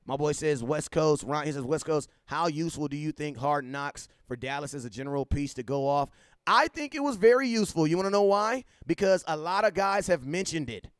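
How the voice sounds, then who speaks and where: A man hosting a casual sports livestream, talking animatedly, repeating himself and giving shout-outs to viewers. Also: a little high, lively intonation, a little fast, clean tone, dry recording, clean studio sound. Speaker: livestream host.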